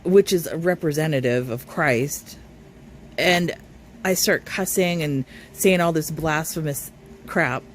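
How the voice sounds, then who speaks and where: Male reaction streamer, slightly high voice, reads chat and rebuts it, faint hiss behind. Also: slow. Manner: reads viewer comments aloud, then argues back. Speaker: reaction commentator. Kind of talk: live stream commentary.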